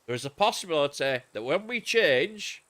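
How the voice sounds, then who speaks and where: A man's voice: on the high side, expressive, moderate pace, a bit bright. A man, streaming a game and rambling crudely in casual chat.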